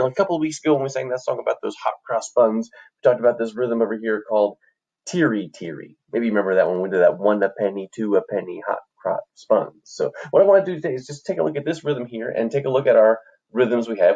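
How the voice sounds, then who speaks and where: A man's voice: medium pitch, a little mellow, breathy edge, highs cut off. A man teaching an online music lesson to children, upbeat and encouraging as he chants rhythm syllables, recorded on a computer microphone indoors.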